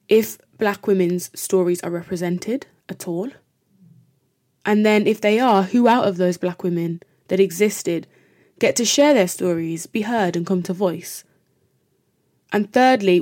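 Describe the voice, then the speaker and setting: A woman hosting a podcast, giving a reflective educational monologue in an earnest, measured way with frequent ums. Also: medium pitch, a little mellow. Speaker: podcast host.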